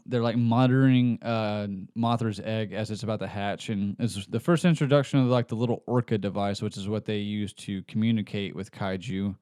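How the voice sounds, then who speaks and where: A man's voice: lowish voice, fairly even intonation, a little fast, hardly any pauses, warm tone, clean tone, no echo, clean studio sound. A man co-hosting a podcast in casual chat, rambling and laid-back, swearing now and then. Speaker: podcast co-host.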